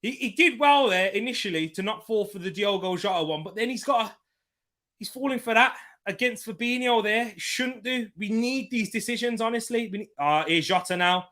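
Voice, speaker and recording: Young man, bright forceful voice, live football watchalong host who swings from shouting at the ref to relaxed chat with viewers. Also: sits high, normal speed. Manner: shouts at referee decisions, then chats calmly with viewers. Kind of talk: live match commentary and chat reading.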